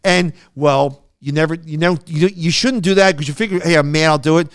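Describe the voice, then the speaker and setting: A middle-aged man co-hosting a podcast, telling stories in a casual, animated way with frequent restarts. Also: on the high side, a little fast, clear, resonant tone, dry recording, clean studio sound. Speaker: podcast co-host. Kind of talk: casual chat.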